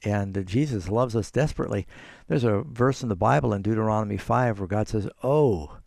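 A man with a low, gravelly voice hosts a call-in radio Bible show, answering listeners' questions earnestly and at length. His studio microphone sounds dry and close, with no room around it. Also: fairly quick, darkish tone, no echo. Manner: earnest, explains scripture at length. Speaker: radio pastor and host.

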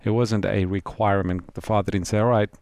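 A man's voice: lowish voice, flat delivery, a little fast, a little mellow, no room sound, studio quality. A man co-hosting a call-in Bible show, quoting verses and affirming the pastor's answers. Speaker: radio co-host.

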